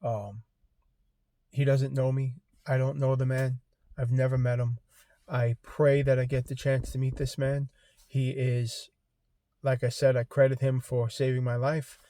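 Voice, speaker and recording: A man in his fifties, making a heartfelt vlog appeal to his viewers, halting and choked up, fighting back tears. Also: medium pitch, level tone, dark tone, no room sound. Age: 50s. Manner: halting, many ums and restarts. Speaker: vlogger. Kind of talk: emotional personal vlog appeal.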